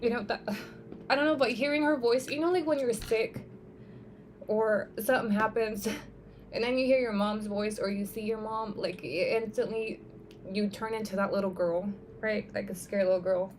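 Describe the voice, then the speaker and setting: A young woman on a live stream telling a personal story in a casual, animated way, with lots of "like" and "right?" and the odd swear word. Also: medium pitch, normal speed, a little hiss or hum.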